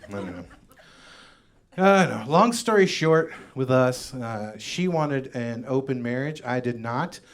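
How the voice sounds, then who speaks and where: Man, stand-up comedian, club stage, handheld mic, slow, animated pitch, wry deadpan asides.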